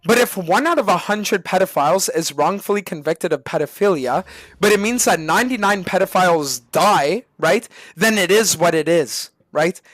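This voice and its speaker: A man's voice: sits high, lively intonation, moderate pace, fairly bright tone, no room sound. A male streamer ranting on a live stream, swearing and arguing hard with chat. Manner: profane, ranting, argumentative.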